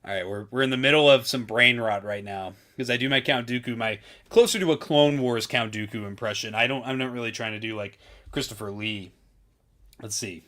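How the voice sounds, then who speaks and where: Man, streamer, casual live-stream chat, laid-back, chatty, average pitch. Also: fairly quick, bright, forceful tone. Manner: laid-back, chatty, full of fillers like "dude".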